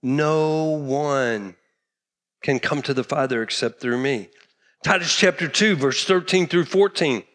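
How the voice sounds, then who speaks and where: A man's voice: a little high, unhurried, a bit bright. A middle-aged man from Texas, preaching a sermon emphatically and repeating key phrases. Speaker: pastor.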